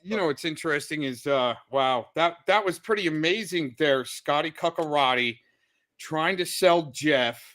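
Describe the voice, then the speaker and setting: Bright, sarcastic male co-host. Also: a little high, normal speed. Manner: mocking, sarcastic. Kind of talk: casual livestream chat.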